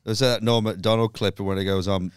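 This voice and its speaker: A man, a stand-up comedian, chatting casually and telling lively anecdotes, acting out crowds and other comics. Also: fairly low pitch, brisk, noisy background. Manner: animated storyteller, mimics crowds and other acts. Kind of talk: casual chat.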